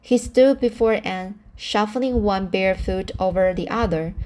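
A woman reading a novel aloud, careful and measured, often stumbling and correcting her words. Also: mid-range voice, darkish tone, slight background noise. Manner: careful reading with frequent slips and self-corrections. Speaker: audiobook reader.

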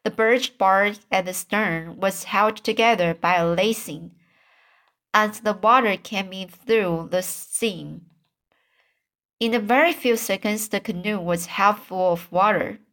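A woman reading a children's book aloud, halting often and restarting stumbled words. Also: medium pitch, a bit bright. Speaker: reader.

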